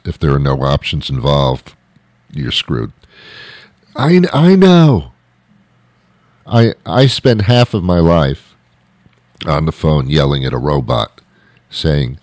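A man's voice: rumbling low, lively intonation, slow, pauses often, darkish tone, dry recording. A man delivering an exasperated, comic rant with lots of repetition and restarts. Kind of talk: ranting monologue.

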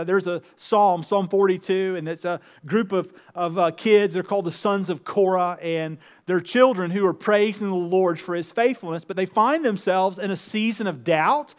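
A man preaching a conversational sermon in church, acting out the voices of the psalm with rising emotion. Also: sits high. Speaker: pastor. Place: church with two campuses.

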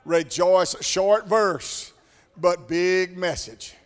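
High-voiced preacher man in a reverberant church. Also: extremely slow. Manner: rhythmic call-and-response preaching that swells into shouts. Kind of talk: sermon. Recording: long church hall reverb with faint congregation.

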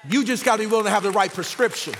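A man in his forties preaching a sermon in a casual, repetitive way, swinging between loud outbursts and quiet passages. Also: high voice, very fast, long reverb tail, a faint crowd, a little hiss or hum. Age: 40s. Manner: conversational, repetitive, dynamic shifts from loud to quiet. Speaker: pastor. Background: faint band music.

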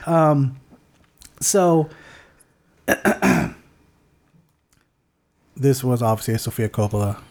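A man's voice: medium pitch, animated, drawn-out words, long pauses. A man co-hosting a casual movie-review podcast, rambling and searching for words as he talks, with the odd swear. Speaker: podcast co-host.

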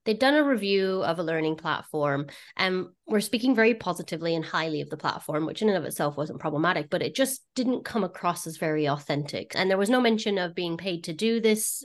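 A woman with a somewhat low voice hosts a podcast in easy, conversational chat. She talks informally and drops slangy asides as she goes. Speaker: podcast host.

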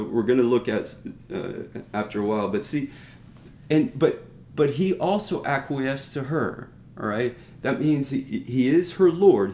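In a mid-range voice with a darkish tone, a man explains Scripture conversationally and earnestly, circling back and urging listeners to notice things. He often restarts and slips in rhetorical asides. There's an echo from the room plus a little hiss or hum.

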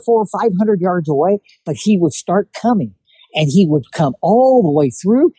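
A man's voice: high-pitched, slightly rough, no echo, poor audio. A man telling a hunting story in a casual chat, acting out what people said. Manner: animated storyteller acting out quotes. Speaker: guest telling hunting stories.

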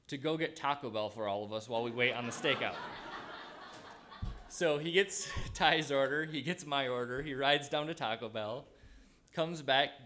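A man telling a personal story in a casual, animated way, acting out his own thoughts as he goes. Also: mid-range voice.

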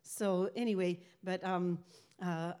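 An older woman giving a rambling, halting personal faith testimony as a ministry speaker. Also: fairly low pitch, fairly even intonation, mellow, clean tone.

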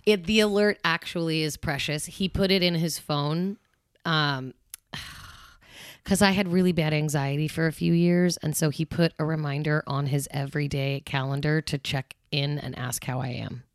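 A woman's voice: low-pitched, steady tone, moderate pace, no room sound, clean studio sound. A woman in her thirties hosting a podcast, chatting casually about relationships and laughing easily. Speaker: podcast host.

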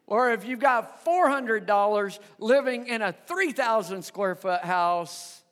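High, lively preaching man. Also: big-room sound. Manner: animated, conversational preaching that asks the congregation questions. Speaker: pastor. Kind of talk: sermon. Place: church sanctuary.

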